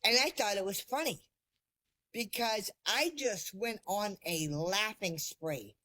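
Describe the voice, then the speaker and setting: A woman speaks as a podcast guest, telling her own story in a relaxed, chatty way. She talks slowly at a middle pitch. She laughs easily and pokes fun at herself. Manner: lively, laughs often, self-deprecating. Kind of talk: casual storytelling.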